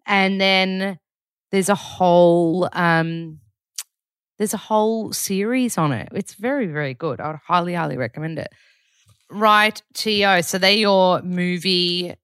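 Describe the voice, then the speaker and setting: A woman with a naturally very low register, hosting a podcast in a chatty, rambling diary-style check-in full of fillers. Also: fairly bright tone, clean tone, no room sound, clean studio sound. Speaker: podcast host. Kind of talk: casual diary-style chat.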